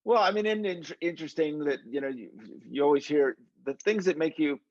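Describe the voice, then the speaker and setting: Gravelly podcast host man. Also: fairly high pitch, brisk, no echo, muffled recording. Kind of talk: casual interview chat.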